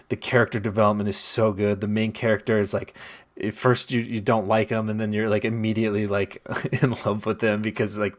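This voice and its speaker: Chatty man hosting a podcast. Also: fairly low pitch. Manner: talkative, recommends with filler words. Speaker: podcast host. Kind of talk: casual chat.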